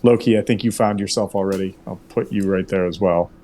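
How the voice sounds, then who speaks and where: A man's voice: sits low, steady tone, fairly quick, mellow, slight background noise. A man acting as game master for an online tabletop game, talking in an easygoing way with lots of fillers and self-corrections.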